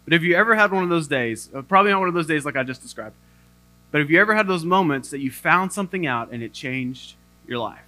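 A man's voice: fairly high pitch, expressive, quick pace, bright, forceful tone. A young adult male pastor giving a sermon, telling a self-deprecating story with humor.

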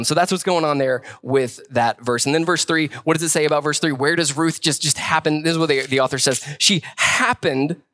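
A male pastor giving a sermon in a relaxed, conversational way. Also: fairly high pitch, no echo. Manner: conversational, casual.

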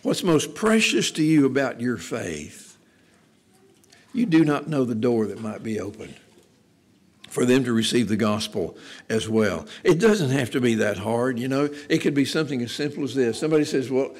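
A man's voice: mid-range voice, lively intonation, normal speed. A man preaching a sermon in an earnest, conversational way, repeating phrases for emphasis. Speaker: pastor.

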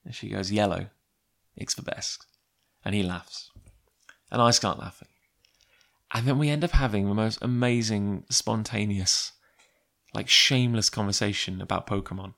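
A man's voice: lowish voice, normal speed, creaky, fairly bright tone. A man telling a personal anecdote in a chatty, rambling way with lots of fillers. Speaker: comic creator. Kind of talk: casual personal storytelling.

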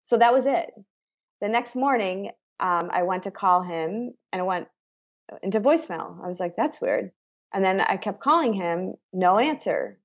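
A middle-aged woman telling her personal story as an interviewee, in a halting, emotional way with frequent restarts. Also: medium pitch, expressive, lo-fi sound. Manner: emotional, halting retelling with self-corrections.

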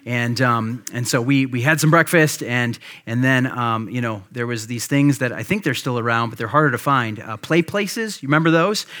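A pastor in his thirties tells a personal story during his sermon, relaxed and conversational with lots of fillers. His mid-range voice moves at a moderate pace with hardly any pauses.

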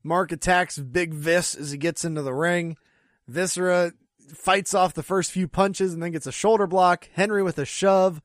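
A man co-hosting a podcast, recapping an old wrestling show in casual chat, full of "like" and quick laughs. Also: high-pitched, fairly even intonation, no room sound, studio quality. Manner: chatty, lots of "like", frequent laughs. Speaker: podcast co-host.

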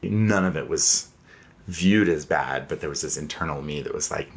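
A man's voice: rumbling low, moderate pace, gravelly. A man in his thirties telling a personal story candidly and reflectively, with frequent fillers. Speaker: interviewee.

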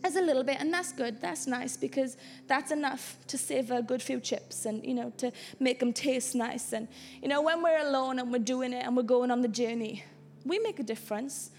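Woman, pastor, high voice, earnest sermon, impassioned exhortation. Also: moderate pace. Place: church hall.

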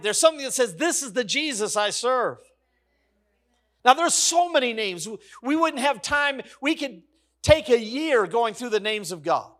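Male pastor, middle-aged, high voice, emphatic sermon cadence, jumps from shouts to near-hush. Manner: swings between loud exclamations and hushed soft passages; emphatic, repetitive preaching cadence.

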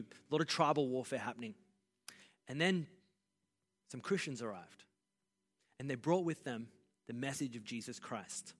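A man preaching a sermon as pastor, passionate and building to loud, emphatic delivery. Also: on the high side. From Australia. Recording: long reverb of a large hall.

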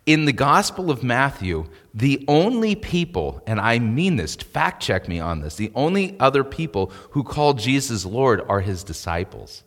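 A man's voice: medium pitch, sing-song, measured pace, hardly any pauses, a bit bright, big-room sound. A male pastor preaching a sermon in a conversational way, rising to emphatic peaks.

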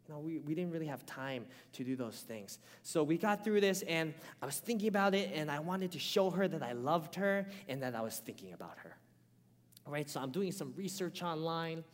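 A man preaching a sermon, telling a personal story in an animated way and often checking in with the congregation with "right?". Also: sits high. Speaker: pastor. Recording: long hall reverb.

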